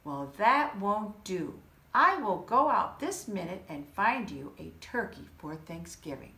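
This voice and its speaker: Woman reader as a kind, polite storybook moose man, sweet and animated. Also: medium pitch, measured pace, creaky, reverberant, exaggerated voice. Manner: courteous, sweet-voiced. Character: kindly gentle male moose, polite and determined.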